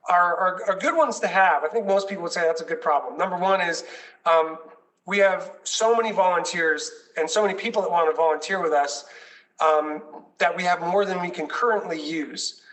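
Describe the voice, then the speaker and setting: A man's voice: high-pitched, normal speed, a bit bright, far from the mic, rough recording. A man leading a nonprofit, telling stories with enthusiasm and many fillers in a conversational chat. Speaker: nonprofit leader.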